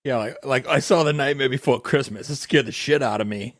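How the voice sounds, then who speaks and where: A man's voice: mid-range voice, brisk, no echo, studio quality. A man co-hosting a podcast, chiming in with short joking asides about a show. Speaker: podcast co-host. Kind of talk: casual chat.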